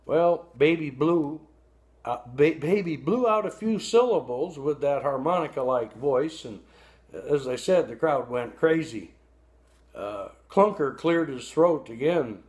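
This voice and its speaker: A man telling a folksy story, pausing to ask his listeners questions and explain things along the way. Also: mid-range voice, animated, a little mellow. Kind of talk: storytelling for an audience.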